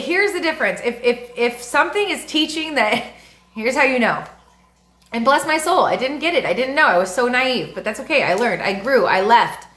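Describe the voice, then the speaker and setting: A woman's voice: high-pitched, fairly bright tone, reverberant. A woman astrologer teaching in a casual, frank, slangy way and laughing often. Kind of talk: casual spiritual teaching monologue.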